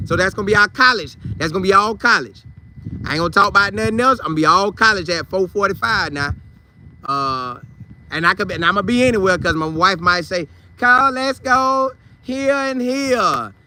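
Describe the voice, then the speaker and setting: A man from hosts a sports livestream, calling out commenters by name in easygoing slang. His voice sits high for a man and cuts through with a very bright, sharp edge. A faint hiss of noise runs underneath. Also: brisk. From Polk County, Florida. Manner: loose, slangy, talks back to chat by name. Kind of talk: casual live chat, reading viewer comments.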